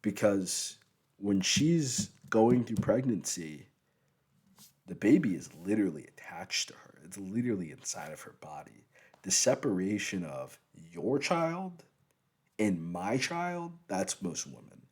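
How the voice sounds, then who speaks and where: A man's voice: fairly low pitch, very animated, measured pace, a little mellow, slightly rough. A young man gives a blunt, profane, rambling opinion monologue. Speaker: vlogger.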